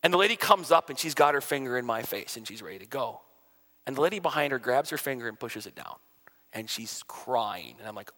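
A man, a pastor, telling stories in an animated way during a conversation, with his voice rising and dropping as he goes. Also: mid-range voice, brisk, long pauses, big-room sound. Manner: animated storyteller, swings loud and soft. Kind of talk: storytelling in a conversation.

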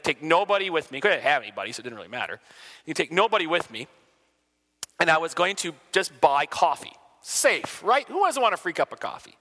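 This is a pastor with a bright, slightly high voice. He tells stories in an animated way, rising and falling between loud and quiet. The sound carries a long, reverberant tail. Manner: animated storyteller, swings loud and soft. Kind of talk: storytelling in a conversation.

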